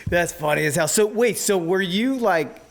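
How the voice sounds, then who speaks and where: A male podcast host with a high voice, chatting loosely with his guest. He laughs easily and keeps a stream of quick agreement going. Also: animated. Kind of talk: casual chat.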